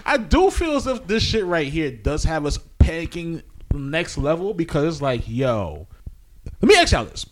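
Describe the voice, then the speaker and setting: A man's voice: a little high, sing-song, unhurried. A man, co-hosting a casual podcast chat and telling stories, swearing freely and laughing often. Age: 20s. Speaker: podcast co-host.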